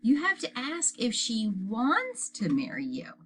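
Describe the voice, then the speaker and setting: Gentle storybook grandpa, old and teasing, bright lively lift, as a woman reads him. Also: a little high, unhurried, a little hiss or hum, voice pushed up, exaggerated voice. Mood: kindly. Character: kindly elderly grandfather man.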